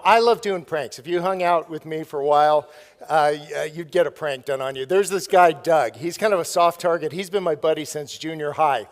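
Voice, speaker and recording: A middle-aged man delivers a storytelling keynote from a stage, playful and quick to laugh at his own jokes. His voice sits fairly high for a man. The sound carries a long reverberant tail from the large hall. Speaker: keynote speaker.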